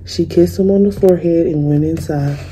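A young woman, a student, reading a children's picture book aloud in a gentle, unhurried way. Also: low voice, a little hiss or hum, poor audio. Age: young adult. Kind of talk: storybook read-aloud.

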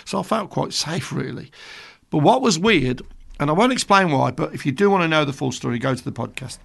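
This middle-aged radio presenter from Birmingham, England, speaks with a Birmingham accent and rambles through jokey stories between songs in casual, chatty fashion. His voice is a little high, animated and brisk, with a creaky, husky edge.

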